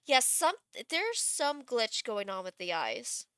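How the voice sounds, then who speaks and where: Woman streamer, high and unhurried, chatty and gushing over her game in a dry room. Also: big pitch swings, a bit bright, smooth, dry recording. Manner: gushing, thinks aloud, breaks into squeals and laughter. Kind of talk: casual live-stream chat while building a game character.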